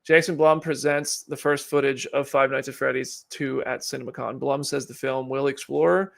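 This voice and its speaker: A man's voice: mid-range voice, fairly even intonation, moderate pace, gravelly. Chatty man hosting a live stream. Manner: chatty, reads chat and news aloud. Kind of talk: casual live commentary.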